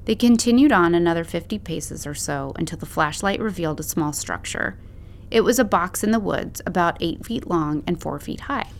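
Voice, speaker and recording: A woman narrating a story as an audiobook in a steady, measured way. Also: fairly low pitch, vocal fry, a little hiss or hum.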